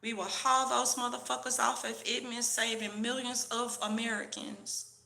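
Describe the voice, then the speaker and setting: Woman vlogger going off on a cussing preachy rant, kinda high voice, echoey room. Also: little pitch movement, normal speed, vocal fry, sharp tone. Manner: profane, preachy, heated rant. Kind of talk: ranting commentary to camera.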